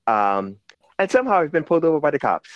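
Rambling man with a lively, up-and-down voice. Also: a little high, fast talker, no room sound. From New York City. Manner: rambling, many restarts and fillers, laughing storyteller. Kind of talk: casual chat. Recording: slightly dull lo-fi sound.

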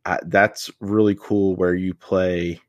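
A man's voice: low-pitched, flat delivery, slow, dry recording, dull audio. A man in a casual chat about video games, explaining at length with many fillers and restarts.

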